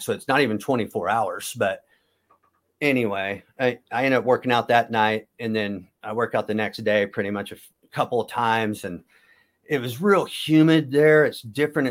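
A man in his fifties from Kansas, a former wrestler telling long stories in a casual interview, often correcting himself as he goes. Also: on the low side. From Kansas, USA. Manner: rambling, self-correcting storyteller.

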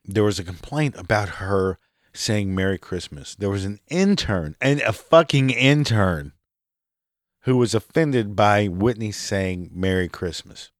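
A man's voice: lowish voice, lively intonation, measured pace, no room sound, studio quality. A man hosting a solo podcast, ranting sarcastically and swearing often. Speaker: podcast host.

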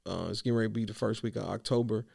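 Coach guy venting on his vlog, slangy n worked up, gravelly voice, dry close sound. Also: on the low side, steady tone, rapid-fire, a little mellow, no echo. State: worn out from yelling. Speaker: youth basketball coach. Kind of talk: casual vlog monologue.

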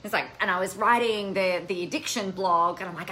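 A woman hosting a casual live stream, talking in an animated, chatty way and swearing now and then. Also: mid-range voice, fairly quick, poor audio. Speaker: coaching podcast host.

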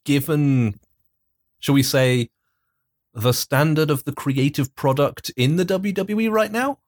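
A man in casual podcast chat, explaining in a measured way with many fillers. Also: a little high, no room sound, studio quality. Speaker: podcast co-host.

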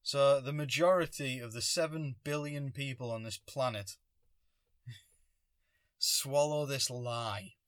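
A man's voice: medium pitch, takes it slowly, long pauses, smooth, no echo, studio quality. A man talking alone in a rambling, sarcastic way, often stopping himself mid-thought. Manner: rambling, sarcastic, self-interrupting. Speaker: vlogger. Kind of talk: casual solo monologue.

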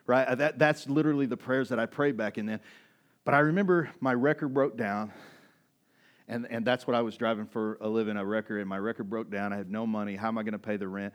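A man's voice: medium pitch, fairly even intonation, fairly quick. A man in his forties, a pastor preaching a sermon and telling a personal story in a conversational way, with many fillers and restarts. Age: 40s.

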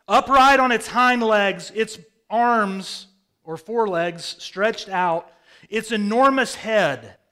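A man preaching a sermon, telling vivid stories with sudden swings from loud bursts to quiet, hushed phrases. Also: high-pitched, takes it slowly, smooth. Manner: storytelling, dramatic swings in loudness. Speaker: pastor. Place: rural home with a hayfield.

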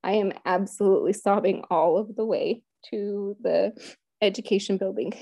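A woman in her thirties recounts her story in an earnest, heartfelt way. Her voice is mellow and warm, and the recording sounds close and dry. She often quotes her own prayers and thoughts. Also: medium pitch, steady tone, normal speed, gravelly, no echo. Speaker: guest sharing a personal story. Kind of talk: emotional personal storytelling.

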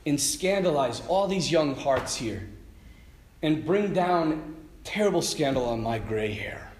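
A man acting out an elderly man of faith who will not yield. He speaks low, slow and solemn, with a fairly high pitch and a roomy echo. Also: sing-song, darkish tone, a little hiss or hum. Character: old devout man refusing to yield.

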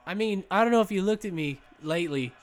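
A man's voice: high voice, animated, fast, voice pushed up. A man putting on a cocky, profane impression of a tough-guy movie star, swearing in nearly every line.

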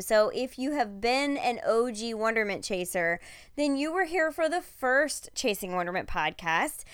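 A woman's voice: a little high, smooth, dry recording, clean studio sound. Bubbly, encouraging woman podcast host. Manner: bubbly, chatty and encouraging, with laughs and fillers. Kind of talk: upbeat solo podcast intro.

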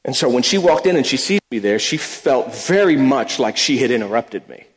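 A man's voice: mid-range voice, expressive, normal speed, slightly rough. A man giving a sermon-style talk, telling stories about faith at work, often restarting and repeating words. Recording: long echoey hall reverb.

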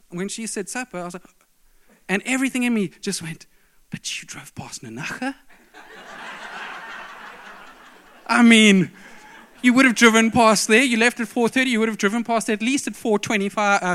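A man telling a self-mocking story in a sermon, swinging between loud outbursts and hushed asides. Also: high voice, moderate pace.

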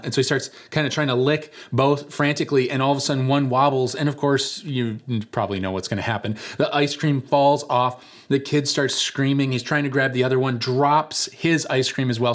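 A male pastor delivers a sermon in a relaxed, conversational way. He tells stories with a light touch and now and then acts out the people in them. His voice sits at an ordinary middle pitch. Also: normal speed, hardly any pauses. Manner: conversational storytelling with animated voices for quoted characters.

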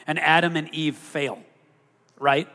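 A man's voice: a little high, little pitch movement, slow pace, pushed and bright, long reverb tail. A man preaching a sermon to a congregation, talking through scripture in a conversational way and asking the listeners rhetorical questions. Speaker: pastor.

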